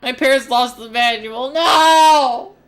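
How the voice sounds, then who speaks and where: A woman's voice: on the low side, expressive, slow pace, a bit bright. A young woman streamer commentating live on a game, flustered and joking, with lots of exclamations.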